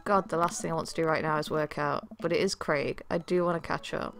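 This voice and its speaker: A chatty woman streamer reads game text aloud and reacts to her choices, laughing often. Her voice sits a little low for a woman, with soft game music playing underneath. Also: fairly even intonation, a little fast, creaky. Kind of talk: let's play commentary with read-aloud game text.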